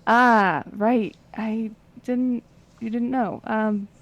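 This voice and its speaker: A woman's voice: on the high side, steady tone, extremely slow, pitched above the performer's own voice. A woman playing an earnest young male toon character in a tabletop role-play, asking eager, hopeful questions.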